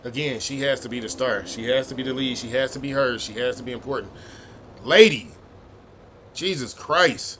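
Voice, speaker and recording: A man's voice: medium pitch, normal speed, fairly bright tone, slight background noise. A man hosting a reaction video, giving blunt, profane, heated commentary.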